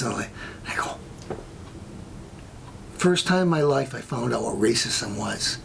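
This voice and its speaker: An American man on his own show spins a long, blunt story, rambling and veering into tangents as he delivers an opinionated monologue. His mid-range voice is animated but a little slow and creaky, a bit bright, with frequent pauses. Slight background noise can be heard.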